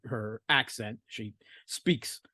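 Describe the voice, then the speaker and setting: A middle-aged American man answering interview questions from home, halting with many fillers and restarts, his tone often sardonic. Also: lowish voice, pushed and bright, husky, dry recording, studio quality. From United States. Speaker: podcast guest, analyst. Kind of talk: casual interview talk.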